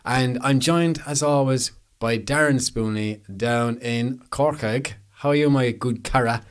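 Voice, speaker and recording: An Irish man hosts a casual podcast chat, full of easy laughter and local slang. His voice sits at a middle pitch and carries a relaxed, friendly liveliness. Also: measured pace, slight background noise. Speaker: podcast host and professional photographer.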